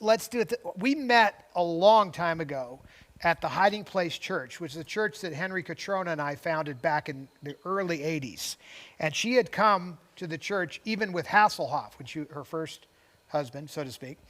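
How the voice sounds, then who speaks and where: A man's voice: high-pitched, fairly bright tone. An older man co-hosting a talk show, telling a long story in casual chat with many restarts, tangents and chuckles. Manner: rambling, goes off on tangents with frequent restarts; chuckles between phrases. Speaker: co-host.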